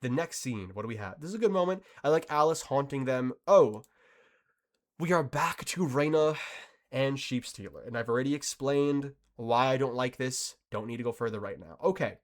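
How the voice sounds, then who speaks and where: A man's voice: mid-range voice, lively intonation, moderate pace. A man giving casual, opinionated video commentary, emphatic and sarcastic, with frequent restarts.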